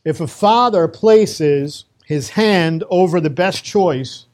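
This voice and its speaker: A man's voice: on the high side, slow pace, a little mellow. New York man giving an emphatic lecture. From Brooklyn, New York. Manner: emphatic, conversational, mixes Hebrew terms. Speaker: Torah teacher. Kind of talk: religious lecture.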